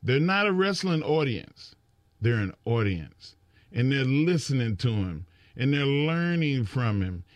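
A middle-aged man in a casual chat about wrestling, telling animated stories and acting out quotes, often repeating words as he starts. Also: mid-range voice, measured pace, no room sound. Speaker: wrestling podcast co-host.

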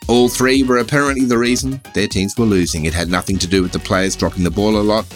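A man's voice: on the low side, steady tone, quick pace, soft background music. An Australian man hosting a comedy podcast, delivering a scripted satirical monologue in a sardonic, wry way.

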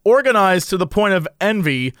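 A man's voice: high-pitched, big pitch swings, a bit bright, clean tone, no echo, studio quality. A man co-hosting a casual podcast, reacting with disbelief and joking asides. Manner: incredulous, joking, quick reactions. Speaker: podcast co-host. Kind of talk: casual chat.

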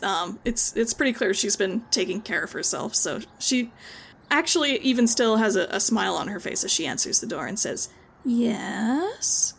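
A woman's voice: medium pitch, lively intonation, brisk, vocal fry, fairly bright tone, slight background noise. A woman narrating a tabletop game as game master, chatty and hedging with frequent likes and ums.

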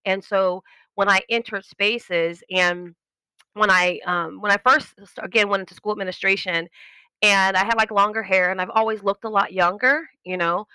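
A woman, a linguist and educator, telling animated stories in a casual podcast conversation and acting out the voices of people she quotes. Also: mid-range voice, moderate pace, clean tone, no echo, low-quality recording. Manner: animated storytelling, acts out quoted voices, laughs often.

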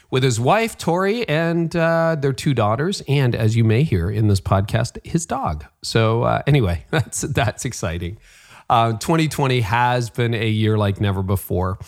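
A man's voice: on the low side, a little mellow. A Canadian man hosting a leadership podcast, chatty and upbeat, laughing at himself now and then. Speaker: podcast host. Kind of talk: conversational podcast hosting with read ads.

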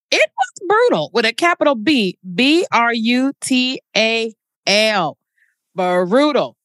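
A woman's voice: a little high, fairly bright tone, no room sound, studio quality. A woman hosting her own podcast, talking casually in an emphatic, colloquial storytelling way. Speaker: podcast host. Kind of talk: casual solo podcast talk.

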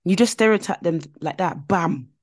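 A woman co-hosting a podcast, chatting casually and telling stories with animated, emphatic repetition. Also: on the low side, quick pace, no room sound, studio quality. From Nigeria. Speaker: podcast co-host. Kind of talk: casual chat.

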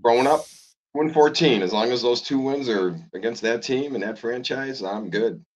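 A man's voice: mid-range voice, normal speed. A man in his late fifties, a podcast guest, talking sports in an emphatic, insistent way. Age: late 50s. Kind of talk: casual sports talk. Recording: dull lo-fi sound.

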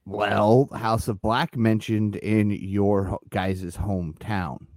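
A man's voice: lowish voice, fairly even intonation, slow pace, darkish tone, no room sound. A man co-hosting a podcast, chatting casually and laughing often while looking things up. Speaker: podcast co-host. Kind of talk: casual chat about wrestling.

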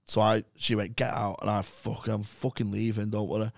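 Fairly quick and creaky, this lowish voice belongs to a young English podcast guest spinning loose, animated anecdotes packed with swearing. The studio sound is clean, without any room sound.

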